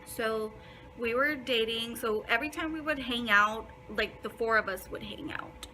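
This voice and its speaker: A young woman with a bright, slightly high voice tells a story in a loose, casual storytime. She talks bluntly, swears constantly and leans on fillers, over a faint hiss of background noise. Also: moderate pace, poor audio. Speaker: vlogger.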